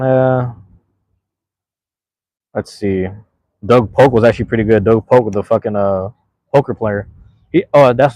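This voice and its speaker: Low-voiced man rambling through a casual recap. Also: a little mellow, no echo, low-quality recording. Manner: slangy, loose and rambling with many fillers. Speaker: vlogger recapping a comedy show. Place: outdoors near a playground.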